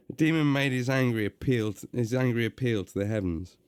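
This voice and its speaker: A man reading a story aloud and chatting on a live stream, relaxed with many hesitations. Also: mid-range voice, brisk, hardly any pauses, clean tone, no room sound.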